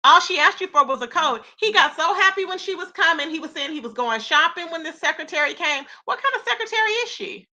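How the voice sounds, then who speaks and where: A woman's voice: very high voice, animated, fairly quick, few pauses, pushed and bright. A woman hosting a live gossip commentary stream, reacting with incredulous rhetorical questions and greeting her chat. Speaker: commentary channel host.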